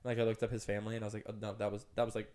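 A man's voice: fairly low pitch, monotone, very fast, darkish tone. A young man co-hosting a podcast, telling a rambling story in casual chat and filling it with "like". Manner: rambling storyteller, heavy use of "like". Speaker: podcast co-host.

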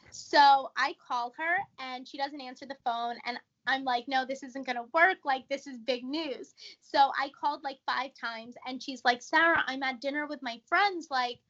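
A young woman from New York tells her story as a guest, her New York accent plain and her manner chatty and animated. Her high, bright voice comes through slightly dull, lo-fi audio. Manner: chatty, animated, says "like" a lot. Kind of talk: casual interview storytelling.

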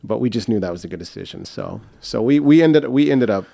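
With a mid-range, warm voice, lively intonation and some vocal fry, this young man from the United States speaks fairly quickly, and there's no room sound. He's a guest in casual chat, telling a loose, rambling story full of fillers and restarts while acting out other people's voices.

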